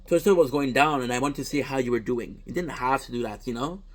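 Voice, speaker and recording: A man of middling pitch, a native French speaker, talks straight to his audience as a streamer in a casual, reflective monologue. He is earnest and rambling, circles back with restarts and drops casual swear words. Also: quick pace. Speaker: content creator and streamer.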